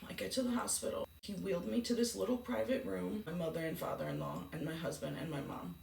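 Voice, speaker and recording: A woman's voice: steady tone, fast talker, darkish tone, slight background noise. A woman vlogger telling a painful personal story in a subdued, grief-stricken way. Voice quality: gravelly low voice. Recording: echoey room from a distance.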